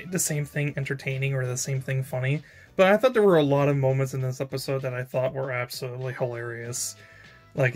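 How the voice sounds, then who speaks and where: A man giving a casual episode review, chatty and laughing often, with lots of fillers and casual swearing. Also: mid-range voice. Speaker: anime reviewer. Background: faint background music.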